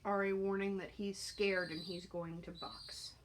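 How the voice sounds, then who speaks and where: A woman talks casually and a little slowly while training a young pigeon, calm and explanatory, then breaks into high cooing baby talk at the bird. Background noise can be heard.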